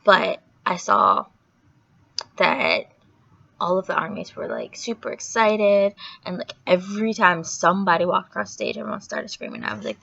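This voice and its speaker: Young woman, vlogger, gravelly voice, dull lo-fi sound, chatty storytelling, filler words. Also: lowish voice, moderate pace. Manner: chatty, filler-heavy, animated retelling. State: sore throat. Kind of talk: casual storytelling vlog. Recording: dull lo-fi recording.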